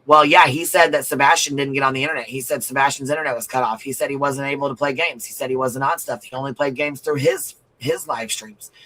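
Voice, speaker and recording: A man's voice: mid-range voice, fairly even intonation, fast talker, hardly any pauses, pushed and bright, poor audio. Blunt, profane male stream commentator. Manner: blunt, profane and emphatic, repeating phrases. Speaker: livestream commentator. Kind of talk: livestream commentary reading viewer comments.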